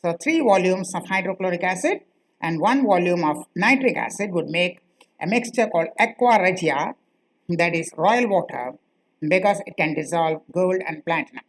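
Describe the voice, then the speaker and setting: A woman teaching a grammar lesson, speaking slowly and repeating key phrases for her students. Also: on the low side, lively intonation, low-quality recording. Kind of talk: classroom lecture.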